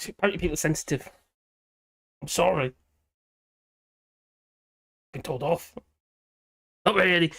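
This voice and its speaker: A hoarse man hosting a live stream, chatting in a rambling, cheeky way and giggling often. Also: high voice, fairly bright tone. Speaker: livestream host. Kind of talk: casual live-stream chat. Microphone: headphones with a small speaker.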